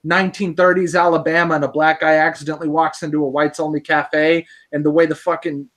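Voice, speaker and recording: A woman's voice: low-pitched, level tone, fast talker. A woman co-hosting a podcast, ranting angrily and profanely in casual commentary. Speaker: podcast co-host.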